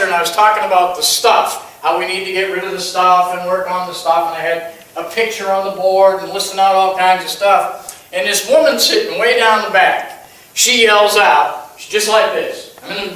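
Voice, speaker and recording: Older guy telling a rambly funny story, kinda high voice, echoey hall, mic far off. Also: pushed and bright. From Boston, USA. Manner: rambling, joking, chuckling storyteller. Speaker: musician and recovery lecturer. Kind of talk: live storytelling to an audience. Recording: echoey hall, distant mic, music behind.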